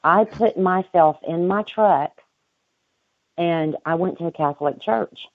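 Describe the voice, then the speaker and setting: Female guest on a phone line, slow and reflective, dry tinny audio. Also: on the low side, dry recording. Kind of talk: personal account in an interview.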